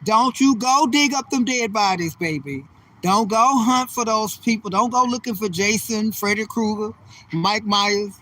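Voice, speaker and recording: Sassy high-voiced man vlogging outdoors. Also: pushed and bright. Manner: sassy, calls viewers honey and baby, drawn-out emphatic phrases. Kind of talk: casual walking vlog talk to viewers. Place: outdoors on a street. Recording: distant mic, faint street noise.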